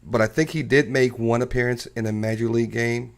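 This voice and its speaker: A man's voice: medium pitch, fairly even intonation, fairly quick. A man co-hosting a casual talk show, telling stories and laughing as he goes. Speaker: podcast co-host. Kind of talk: casual chat.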